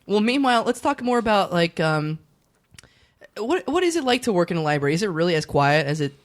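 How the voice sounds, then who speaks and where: A man's voice: sits high, big pitch swings, brisk. Giggly guy hosting a comedy podcast, cracks up a lot. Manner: giggly, laughs often. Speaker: podcast host.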